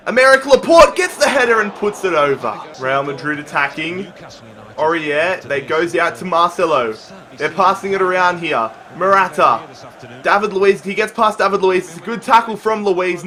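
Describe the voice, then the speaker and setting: A young man commentating his own football video game match, calm when explaining, then shouting at big chances. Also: high voice. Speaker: gaming YouTuber.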